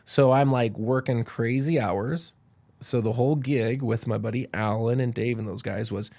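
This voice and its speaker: Animated man telling stories. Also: medium pitch, moderate pace, vocal fry. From Idaho, USA. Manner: animated storyteller, acts out quotes. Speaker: podcast guest. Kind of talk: casual podcast storytelling.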